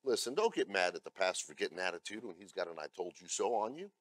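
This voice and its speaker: A male pastor delivering a sermon, moving between loud scripture readings and blunt asides to the congregation. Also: deep voice, very animated, fast talker, dry recording. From America. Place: church.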